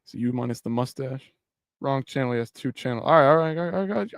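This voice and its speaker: A man's voice: medium pitch, quick pace, no echo, studio quality. A man hosting a live stream late at night, talking casually and profanely in a loose, rambling way with many restarts. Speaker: livestream host.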